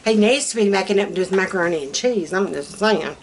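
A woman's voice: mid-range voice, lively intonation, a little fast, slight background noise. A middle-aged woman, chatting casually and telling teasing, laughing stories as a co-host. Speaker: channel co-host. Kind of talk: casual chat.

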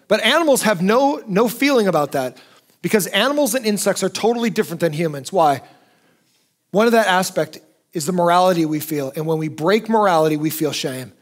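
A man's voice: high voice, animated, a little fast. A male pastor preaching a sermon in a conversational, emphatic way.

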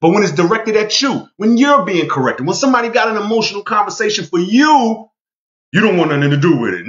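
A man's voice: sits high, very animated, quick pace, fairly bright tone, dull audio. A man delivering a heated, profane monologue rant, emphatic and repeating himself to drive points home. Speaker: vlogger.

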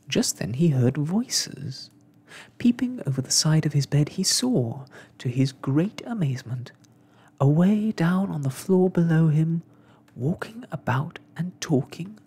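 A storyteller reading a children's story aloud in a whispered role-play, soft and hushed. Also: medium pitch, animated, measured pace, slightly rough.

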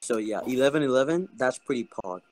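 A man's voice: mid-range voice, lively intonation, fast talker, dry recording. A young man co-hosting a casual group podcast over a voice call, blunt and joking, often stammering as he restarts. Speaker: podcast co-host.

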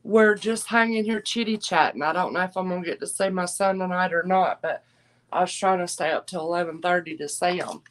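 A woman's voice: fairly low pitch, a little fast. A middle-aged woman, chatting folksily with viewers as she hosts a live clothing and jewelry sale. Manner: chatty, folksy, calls viewers y'all and darling.

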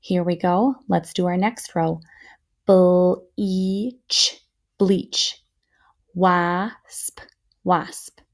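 A woman teaching a children's phonics lesson, speaking slowly and clearly, encouraging her listeners. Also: lowish voice, darkish tone.

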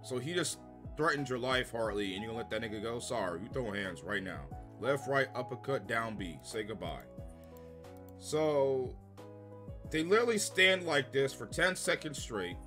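A man giving a casual, profane, sarcastic review of a TV episode, exasperated and given to loud bursts of laughter. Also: mid-range voice, animated, moderate pace, music in the background. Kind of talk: casual ranting review commentary.

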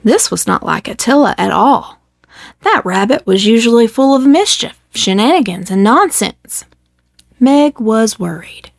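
A woman storyteller reading a children's story aloud in a measured, expressive way. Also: mid-range voice, vocal fry, no echo, studio quality.

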